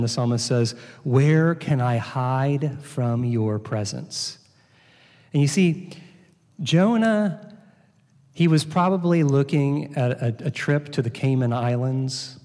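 Male preacher, mellow and dark-toned, sermon with scripture readings, long hall reverb. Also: medium pitch. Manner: reads scripture aloud, then explains with rhetorical questions.

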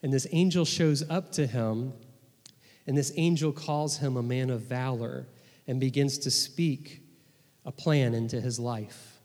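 A man's voice: medium pitch, steady tone, unhurried, a little mellow. A man preaches earnestly from the pulpit, his mid-range voice stopping and restarting phrases as he goes. His words ring out with a long reverb through a church sanctuary. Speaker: pastor. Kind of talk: sermon.

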